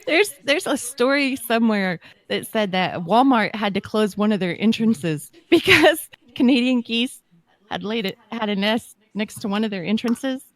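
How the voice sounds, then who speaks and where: A woman's voice: on the high side, expressive, normal speed. A woman co-hosting a podcast, teasing and giggly in casual chat. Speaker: podcast co-host.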